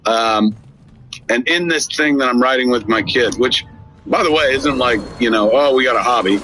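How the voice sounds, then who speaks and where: A man in his fifties telling a story on a casual podcast. His voice is bright and forward, and he jumps into other voices for the quotes. A faint hiss sits under the recording. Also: medium pitch. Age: 50s. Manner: animated storyteller, acts out dialogue with quick voice shifts. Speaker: podcast co-host. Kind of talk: casual chat.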